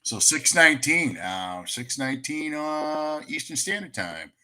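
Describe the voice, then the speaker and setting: A man's voice: a little high, sing-song, a little slow, sharp tone. A man co-hosting a casual livestream podcast, playful and encouraging, laughing easily. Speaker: podcast co-host.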